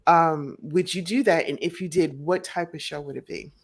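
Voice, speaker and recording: A woman's voice: deep voice, moderate pace, slightly rough. A woman hosting a casual interview, chatty as she asks her guest questions. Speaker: interview host.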